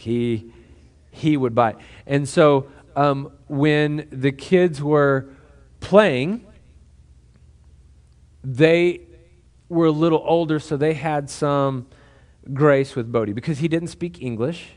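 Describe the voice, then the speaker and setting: A man's voice: mid-range voice, darkish tone. A man preaching a sermon as a pastor, talking casually and conversationally, with asides and restarts.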